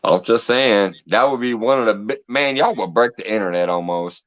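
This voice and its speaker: A man chatting casually on a live stream, joking and eagerly pitching ideas. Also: normal speed, fairly bright tone.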